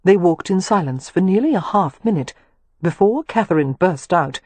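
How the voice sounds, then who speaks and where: A woman reading a romance novel aloud in measured, even scripted narration. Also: lowish voice, husky, no room sound. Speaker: audiobook narrator.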